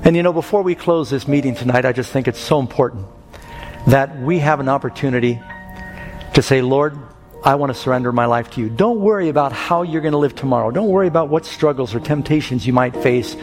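A man's voice: mid-range voice, lively intonation, a little fast, a little mellow. A male preacher giving an evangelistic sermon, telling stories and rising to impassioned calls. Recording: long hall reverb with faint music.

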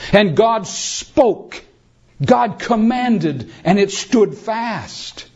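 A man preaching a sermon as a pastor, addressing the congregation as beloved in an animated preaching manner. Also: high-pitched, muffled recording.

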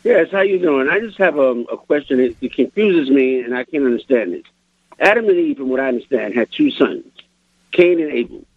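A man's voice: mid-range voice, animated, fairly quick, no echo. A man calling in to a radio show with a puzzled, insistent question. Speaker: caller. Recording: tinny phone line.

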